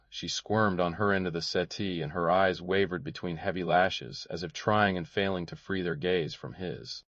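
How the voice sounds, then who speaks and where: A man reads a classic mystery novel aloud at a measured, even pace. His voice is very deep. The recording is dry and slightly muffled. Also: no echo. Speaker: audiobook narrator. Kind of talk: scripted narration.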